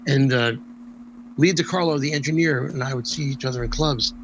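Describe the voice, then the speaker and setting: Speaking fairly quickly in a mid-range voice, this older male interview guest spins long, lively anecdotes and performs the quoted dialogue himself. The recording is rough, with a little hiss or hum.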